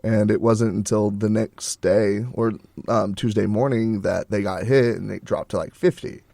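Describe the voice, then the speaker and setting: A man's voice: lowish voice, fairly even intonation, moderate pace, creaky, mellow, no room sound. Young man chatting easily on college radio. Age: young adult. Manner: rambling, easygoing, laughs often. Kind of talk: casual chat. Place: radio studio. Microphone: studio mic.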